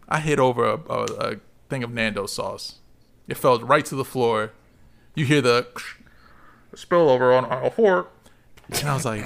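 Man, podcast co-host, lively storyteller, curses a lot, mid pitch. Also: moderate pace, gravelly. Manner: animated storytelling, swears freely. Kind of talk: casual podcast chat.

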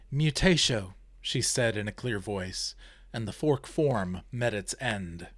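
A man's voice: mid-range voice, dry recording. A man reading his own rhymed story aloud, then chatting about it and laughing often.

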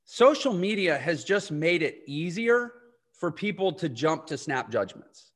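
A man's voice: on the high side, big pitch swings, measured pace, a bit bright. A man hosting a podcast interview, telling rambling anecdotes with frequent self-interruptions. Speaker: podcast host. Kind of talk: casual conversational interview.

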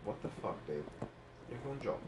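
A man's voice: lowish voice, very animated, moderate pace, darkish tone, a little hiss or hum. A young man co-hosting a podcast, rambling and joking in crude, profane casual chat. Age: young adult. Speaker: podcast co-host.

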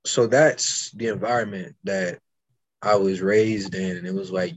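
A young man co-hosting a podcast, telling stories in casual chat with fast bursts and frequent restarts. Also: sits low, fairly even intonation. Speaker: podcast co-host.

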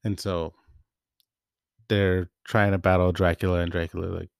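A man's voice: sits low, normal speed, vocal fry, no echo, clean studio sound. A young man giving a casual, rambling movie recap, often correcting himself mid-sentence. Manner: rambling, self-correcting, relaxed. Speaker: movie vlogger.

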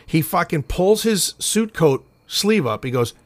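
Male podcast host, chatty and profane storyteller, animated pitch, dry close mic. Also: measured pace, no room sound. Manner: rambling, profane anecdote telling. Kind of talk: casual chat.

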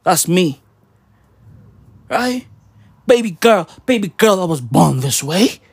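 A man ranting casually, rambling in heavy slang with mock patois words, swinging between loud outbursts and low mutters. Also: big pitch swings, takes it slowly, gravelly, slightly rough, dry recording. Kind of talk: casual profane rant.

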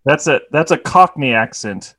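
A man co-hosting a comedy podcast in loose, casual chat. He laughs easily and hesitates with lots of fillers. His voice sits a little high. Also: expressive, moderate pace, bright, forceful tone. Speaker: podcast co-host.

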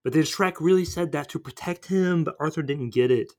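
Man, podcast co-host, casual rambling movie recap, slightly high voice. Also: a little fast, darkish tone. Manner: rambling storytelling, acting out characters.

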